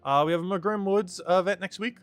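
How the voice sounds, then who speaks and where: A man's voice: sits high, quick pace, dry recording, faint music behind. A man streaming a game, rambling casually with many fillers and frequent laughter. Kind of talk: casual game livestream commentary.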